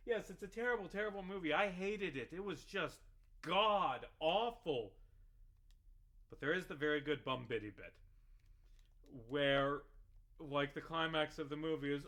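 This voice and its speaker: Gaming vlogger, male, bright higher voice, swears a lot, rambling casual rant. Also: normal speed. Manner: profane, rambling, animated ranting with frequent fillers. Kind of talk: casual ranting commentary over gameplay.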